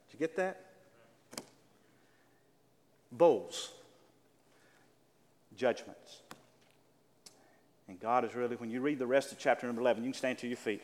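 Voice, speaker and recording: A man with a Southern accent preaching a sermon as pastor, swinging from loud emphatic passages to quiet earnest pleading. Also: mid-range voice, moderate pace, long pauses, big-room sound.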